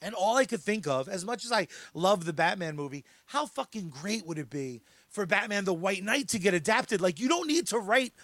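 A man co-hosting a podcast, talking with excitable enthusiasm and casual swearing. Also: sits high, normal speed, hardly any pauses, no echo. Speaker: podcast co-host.

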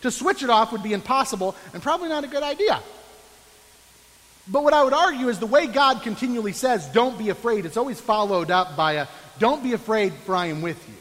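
A man's voice: very high-pitched, lively intonation, brisk, a bit bright, big-room sound, rough recording. A man preaching a sermon with a sarcastic, mock-complaining edge before turning earnest. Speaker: pastor.

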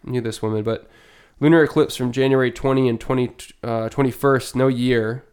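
A man co-hosting a casual podcast, sounding nasal from allergies, talking in a relaxed way with many fillers. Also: medium pitch, moderate pace, clean tone. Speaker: podcast co-host. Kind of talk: casual chat.

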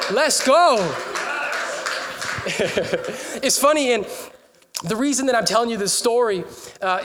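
Male preacher, high voice, casual and funny from the pulpit, calls out to the room. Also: noisy background. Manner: animated, joking, rallying the crowd. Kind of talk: humorous sermon storytelling.

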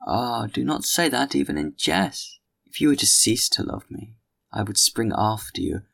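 A man voicing a fickle, passionate, gossipy young woman in an audiobook, speaking slowly and drawing out his words. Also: medium pitch, vocal fry, bright, forceful tone, voice pushed up, exaggerated voice. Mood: vehement. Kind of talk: audiobook character reading.

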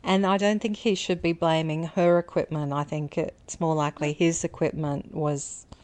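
A woman's voice: deep voice, flat delivery, normal speed, darkish tone. A woman co-hosting a podcast in casual chat, throwing in dry, teasing quips and laughing. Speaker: podcast co-host.

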